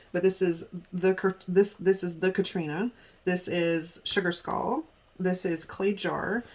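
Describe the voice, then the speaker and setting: Woman vlogger, young adult, casual plan-with-me chat, giggly and rambling, slightly low voice, faint hiss behind. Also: fairly bright tone. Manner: chatty, giggly, thinking aloud; playful put-on accent. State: sore back. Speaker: planner vlogger.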